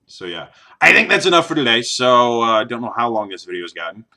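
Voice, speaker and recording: A man with a mid-range, bright, forceful voice and big pitch swings speaks briskly in a casual vlog. He rambles, using many ums and uhs and restarting often.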